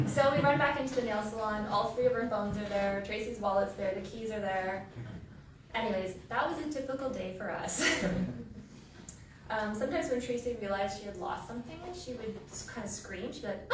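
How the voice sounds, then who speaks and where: A woman's voice: medium pitch, fairly quick. Woman giving a eulogy in an echoey hall. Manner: storytelling, laughing through memories. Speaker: eulogist, sister. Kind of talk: funeral eulogy with anecdotes. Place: funeral home chapel. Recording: echoey hall from far off, noisy.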